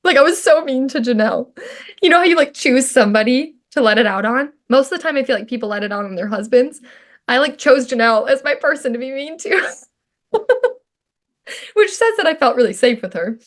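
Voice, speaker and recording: A woman's voice: high voice, lively intonation, fairly quick. Chatty woman telling a personal story. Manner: chatty, frequent "like" fillers, laughs often. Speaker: podcast guest; mother telling her birth story. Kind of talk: casual storytelling.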